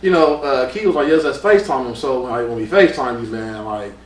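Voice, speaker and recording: A man co-hosting a casual podcast interview in someone's home, excitable, often acting out what others said. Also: mid-range voice, fast, recorded from a distance. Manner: excitable, animated, acts out quoted dialogue. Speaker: podcast co-host. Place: guest's home. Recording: roomy echo, off-mic, faint background hum.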